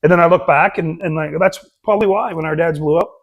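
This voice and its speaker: A man's voice: a little high, fast talker, lo-fi sound. A middle-aged man co-hosting a podcast, joking and laughing often as he reflects on fatherhood. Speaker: podcast co-host. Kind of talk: casual chat.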